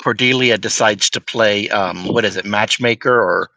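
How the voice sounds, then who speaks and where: A man's voice: fairly low pitch, moderate pace, pushed and bright, dry recording, rough recording. A man co-hosting a casual book podcast, playful and joking. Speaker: podcast co-host.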